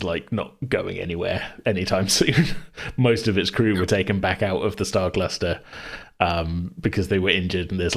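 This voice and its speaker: A man hosting a tabletop podcast, chatting casually in a relaxed, rambling way and laughing often. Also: sits low. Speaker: game master and podcast host. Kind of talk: casual chat.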